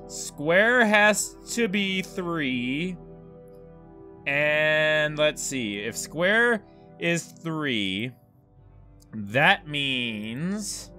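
Young man, let's-play commentary, bright voice, slow unhurried pace, rambling and self-mocking, faint music behind. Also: a little high. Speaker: gaming video host.

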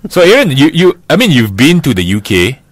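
A man's voice: mid-range voice, sing-song, fairly quick, no echo. A man co-hosting a casual talk show, rambling through his points with many restarts and much laughter. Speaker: co-host. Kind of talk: casual chat.

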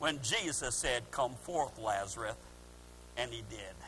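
A man preaching a fervent sermon as pastor, swinging between quiet, drawn-out lines and shouted calls. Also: mid-range voice, lively intonation, a little hiss or hum, rough recording.

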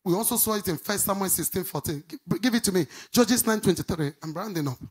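A middle-aged woman pastor preaching a sermon, swinging from loud outbursts to quiet asides. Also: quick pace, husky. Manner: animated preaching, swinging between shouts and low asides.

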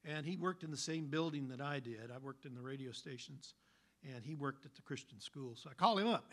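A man preaching a sermon, telling stories in an animated, folksy way. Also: medium pitch, fairly quick. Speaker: pastor.

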